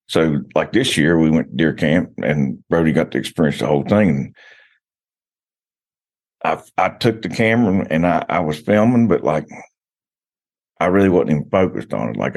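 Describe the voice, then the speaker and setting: A man's voice: very deep voice, normal speed, vocal fry, darkish tone. A man telling long rambling stories as a podcast guest, full of restarts and "you know.". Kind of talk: casual podcast chat.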